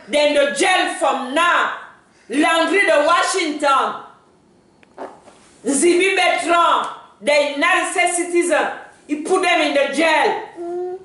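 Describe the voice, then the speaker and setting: A high-pitched woman with a Gabonese accent speaks in a fervent, pleading way, her voice rising into shouts. She sounds set back from the microphone in a very echoey room. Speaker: political activist. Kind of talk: impassioned video statement. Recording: very echoey room, voice far from mic.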